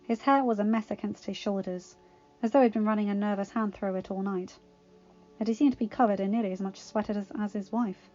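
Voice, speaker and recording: Woman reading a fanfic out loud, expressive, kinda dull lo-fi sound, soft music behind. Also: medium pitch, fairly quick. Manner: expressive, voices the characters. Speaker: audiobook reader. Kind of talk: storybook narration.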